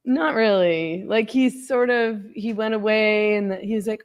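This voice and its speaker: A woman's voice: medium pitch, moderate pace, clear, resonant tone, dry recording, studio quality. A woman in her forties hosting an interview, telling a story casually with lots of fillers and laughs. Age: 40s. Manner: chatty, many fillers, animated laughs. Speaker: podcast host.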